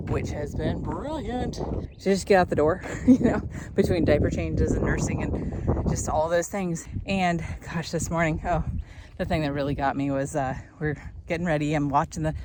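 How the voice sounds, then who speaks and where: A woman's voice: sits low, heavy background noise. A young woman chatting casually in a walking vlog on an outdoor hiking trail. She talks in an upbeat, rambling way and is slightly out of breath from carrying a load. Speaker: vlogger.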